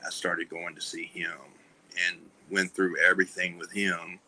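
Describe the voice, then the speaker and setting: A man speaking as a podcast guest, telling a personal story candidly in a halting way, with many fillers and restarts, and often trailing off softly. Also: deep voice, completely flat delivery, slight background noise, poor audio. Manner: soft-spoken, trailing off. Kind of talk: candid conversation about recovery.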